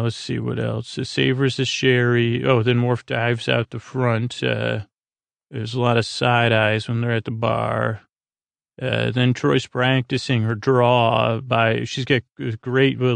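A man's voice: medium pitch, little pitch movement, unhurried, gravelly, no echo. A man hosting a podcast, casually retelling a TV episode scene by scene in a rambling way with lots of filler words. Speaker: podcast host.

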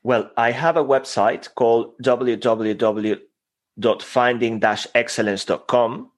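A man's voice: mid-range voice, steady tone, measured pace. A man whose first language is Spanish, speaking earnestly as a motivational guest in a podcast interview. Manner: earnest, motivational, self-deprecating.

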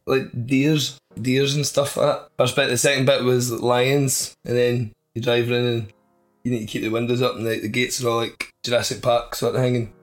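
A man's voice: medium pitch, flat delivery, normal speed, faint music behind. A man co-hosting a podcast, rambling through a story in casual chat. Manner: rambling, laid-back storytelling. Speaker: podcast co-host.

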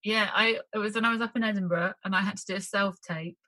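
A woman's voice: medium pitch, steady tone, fast, sharp tone, no echo, rough recording. A woman, an actress, chatting casually, laughing often and acting out little quotes as she tells stories. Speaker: actress guest. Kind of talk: casual chat.

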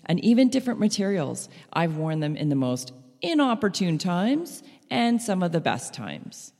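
A middle-aged woman telling a personal story to listeners, animated, laughing lightly between phrases. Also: low voice. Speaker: speaker. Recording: long hall reverb.

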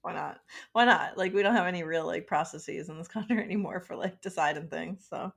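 Woman, lowish voice, dry sarcastic podcast chat. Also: fairly quick, creaky. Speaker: podcast co-host. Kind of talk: casual chat.

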